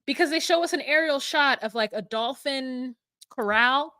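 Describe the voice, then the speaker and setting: A young adult woman co-hosting a casual recap podcast, talking in an animated way and acting out quotes. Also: sits high, moderate pace, clean tone, no echo, clean studio sound. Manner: animated, acts out quotes from the show. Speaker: podcast co-host recapping a reality show.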